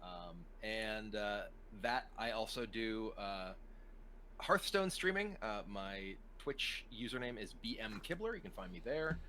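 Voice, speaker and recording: A man's voice: on the low side, lively intonation, a little slow, pushed and bright, slight background noise, poor audio. A man from the United States talking as a podcast guest in a rambling way, full of "like" and restarts. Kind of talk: casual chat.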